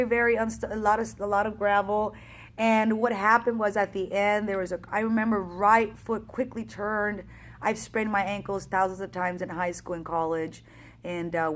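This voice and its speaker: An energetic woman fitness coach tells a motivational story in a casual, chatty way. Her voice sits at an ordinary middle pitch, and she acts out the exchanges as she talks.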